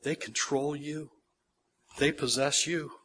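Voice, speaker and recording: Earnest preacher man, slightly high voice. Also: fairly even intonation, slow, a bit bright, slight background noise. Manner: earnest, repeats phrases for emphasis, asks the audience "right?". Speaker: pastor. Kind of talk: sermon.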